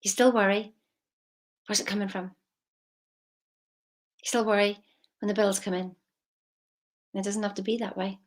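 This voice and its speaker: A woman, a money mindset coach talking casually, emphatic and chatty with soft intimate asides. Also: mid-range voice, steady tone, fairly quick, long pauses. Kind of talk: casual motivational vlog.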